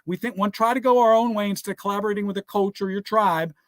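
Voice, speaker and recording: Fast and steady in tone, a man with a notably high voice speaks emphatically about business success and scripture in a motivational speech. His listeners are repeatedly told to write things down, while "all right?" and "guess what" come up again and again. The sound is dry, with no room echo.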